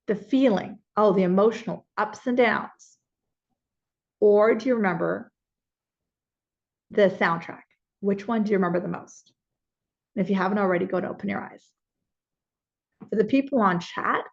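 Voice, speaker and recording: A woman spiritual teacher leading a slow guided visualization, then explaining it to an audience in the room and online. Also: medium pitch, vocal fry. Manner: slow soothing guidance, then lively teaching. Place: spiritual center hall with online viewers. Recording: dull lo-fi sound.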